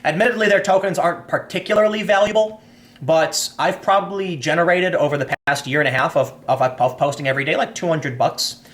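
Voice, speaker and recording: A young man hosts a casual livestream, reading viewer messages and answering them as he thinks aloud. His voice sits a little high for a man. He restarts sentences often and explains things through made-up scenarios. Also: brisk, a bit bright.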